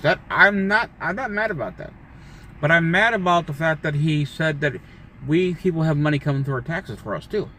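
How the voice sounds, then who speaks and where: A man's voice: on the high side, pushed and bright, a little hiss or hum. A man livestreaming an angry, profane political rant, repeating himself and swearing often. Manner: heated, profane, repetitive.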